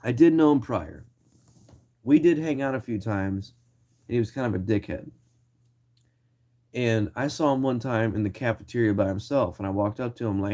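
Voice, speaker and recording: A man's voice: on the low side, moderate pace, pauses often, warm tone. A young man telling a story in a casual, slangy way, full of swearing and acted-out quoted lines.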